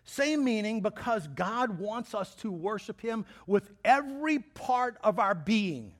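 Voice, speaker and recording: High-voiced lively man preaching. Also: measured pace. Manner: lively, joking preacher who acts out quotes. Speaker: pastor. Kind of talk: sermon.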